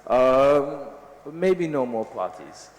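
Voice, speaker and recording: A male author talks at a literature festival, mid-pitched and thoughtful. He stumbles through restarts and fillers as he gathers ideas. Long reverb from the hall hangs behind him. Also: very animated. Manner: halting, many fillers and restarts when answering. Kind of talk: reading then festival conversation.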